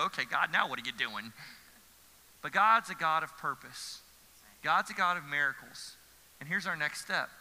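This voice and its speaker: A man's voice: a little high, bright, forceful tone. A man, a pastor preaching an earnest sermon with emphatic repetition. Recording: church hall reverb.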